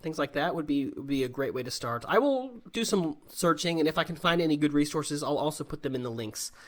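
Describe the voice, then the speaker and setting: Brief: American male English teacher, slightly higher voice, patient explainer, video-call Q&A. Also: animated, fairly quick, a bit bright. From United States. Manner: explains patiently, often checks in with "right?". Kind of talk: live online Q&A lesson.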